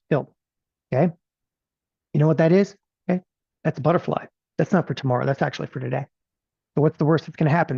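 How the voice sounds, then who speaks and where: A man teaching options trading in a live webinar. He talks in an animated, rapid-fire way and keeps asking "okay?" after every point. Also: on the high side, gravelly, no room sound, dull audio.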